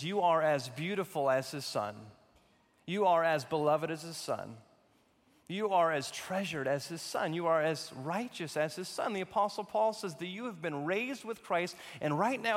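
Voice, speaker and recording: A man's voice: fairly high pitch, long reverb tail. A man pastor preaching a sermon to his congregation, building emphatic repeated phrases.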